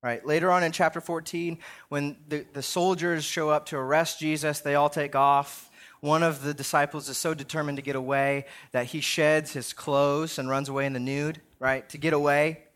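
A man's voice: on the high side, flat delivery, moderate pace, fairly bright tone. A younger man preaching a sermon in a conversational way, often checking in with "right?". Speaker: pastor.

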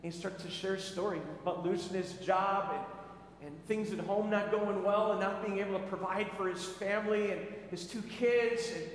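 A male preacher with a high voice tells a story to his congregation, conversational and full of restarts. His words ring through a large hall with heavy echo and long reverb. Faint noise sits under it all. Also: steady tone, moderate pace. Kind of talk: sermon.

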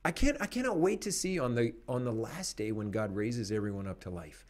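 A man hosting a podcast, speaking in an animated, emphatic way and laughing between points. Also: mid-range voice, a little fast. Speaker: podcast host. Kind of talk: conversational commentary.

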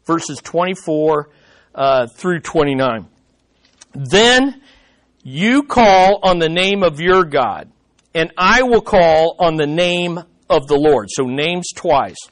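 High-voiced man preaching a sermon. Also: fairly bright tone, poor audio. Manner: emphatic, conversational Bible teaching.

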